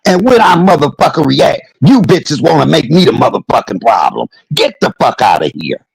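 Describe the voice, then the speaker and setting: A man's voice: on the high side, sing-song, moderate pace, no room sound, poor audio. A man in his fifties delivering a heated, profane rant to his viewers, repeating his points for emphasis. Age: 50s. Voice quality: gravelly, husky. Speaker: vlogger. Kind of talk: angry profane rant to camera.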